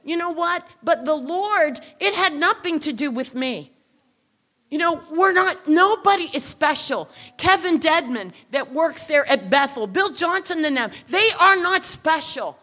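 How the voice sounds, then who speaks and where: A woman preaching a sermon at a church service, telling a story and rising to shouted exhortation. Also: sits high, expressive, unhurried.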